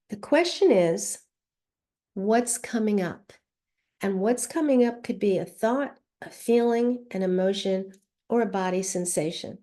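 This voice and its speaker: A middle-aged woman coaching tapping, explaining the steps and acting out her feelings as she demonstrates. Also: mid-range voice. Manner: expressive, acts out emotions while teaching. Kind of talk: instructional demonstration.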